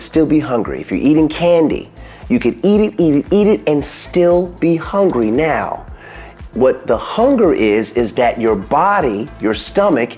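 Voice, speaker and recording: A man, a dentist, giving health advice in a casual talking-head video, animated and folksy with joking asides and pitch that jumps high on emphasis. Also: husky.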